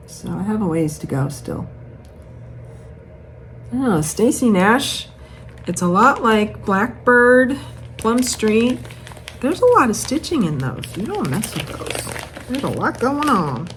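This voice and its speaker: A woman's voice: medium pitch, rough recording. A woman in a casual home vlog, chatting in a rambling, self-mocking way about her stitching projects. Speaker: cross-stitch vlogger. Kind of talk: casual chat. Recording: faint background noise.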